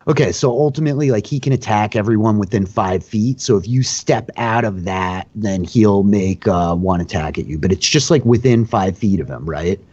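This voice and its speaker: A young man hosts and runs a tabletop game, his voice fairly low and husky. He talks through rules casually, leaning on fillers as he goes. The sound is dull and lo-fi, like an online call. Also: moderate pace, few pauses. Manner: relaxed, filler-heavy explaining of rules. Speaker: dungeon master and host.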